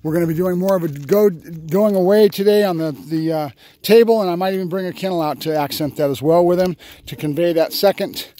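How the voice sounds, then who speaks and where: High-voiced man explaining dog training. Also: fairly quick. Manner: explains step by step, breaks into high excited praise for the dog. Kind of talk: outdoor training demonstration. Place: open field outdoors.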